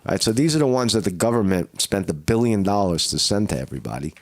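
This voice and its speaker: A hoarse man rambles casually through a live stream, full of fillers and restarts. His voice sits very low. The sound is dry and close, with no room around it. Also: animated, fast, dry recording. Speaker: vlogger doing a live at-home test.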